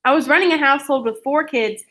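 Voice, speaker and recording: A resentful middle-aged aunt with a sharp, accusing edge, read out by a woman. Her voice sits a little high, and she presses every complaint home. It sounds like a storybook read aloud. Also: fast. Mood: bitter.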